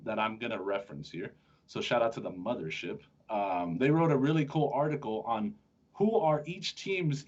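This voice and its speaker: A man's voice: on the high side, breathy edge. A man hosting a sports podcast, chatting casually and joking with his co-host, often restarting his sentences. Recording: dull lo-fi sound.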